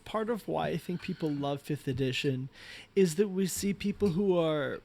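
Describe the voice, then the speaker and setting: A man from Canada hosting a casual podcast interview, eager and encouraging with quick interjections. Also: a little high, creaky, a little mellow. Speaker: podcast host.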